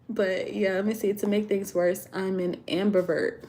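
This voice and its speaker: A woman's voice: mid-range voice, steady tone, normal speed, few pauses, a little mellow. A young woman hosting a casual livestream on her phone, chatty, candid and slangy, laughing often. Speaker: livestream host, tarot and oracle deck creator. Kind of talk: casual livestream chat reading viewer comments.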